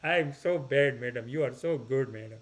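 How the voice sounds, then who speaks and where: A man's voice: medium pitch, moderate pace, natural voice. A man voicing a pleading male mountain guide who keeps repeating himself and begging not to be reported. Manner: grovelling, repeats "madam".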